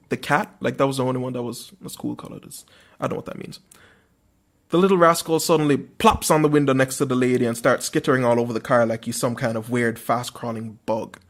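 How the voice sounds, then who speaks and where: A young man hosting a podcast, retelling a dream with wry, self-mocking asides and theatrical flourishes. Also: medium pitch. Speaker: podcast host.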